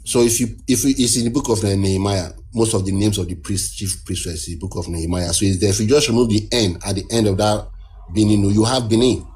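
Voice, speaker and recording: A man speaks in a fairly low voice. He talks earnestly and at length in a casual discussion, and he often restarts his phrases as he explains a point. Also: steady tone, fast talker, a little mellow. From Nigeria. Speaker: guest caller.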